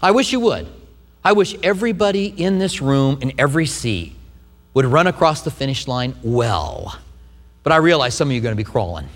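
A man preaching a sermon in a church, animated, at times acting out the voices of doubters. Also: mid-range voice, fairly quick. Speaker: pastor. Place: large church sanctuary. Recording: long hall reverb.

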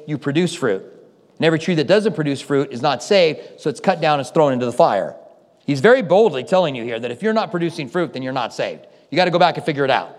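Man, pastor, sermon, high-pitched, chatty storytelling, church hall echo. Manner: conversational storytelling with acted-out quotes. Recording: hall reverb.

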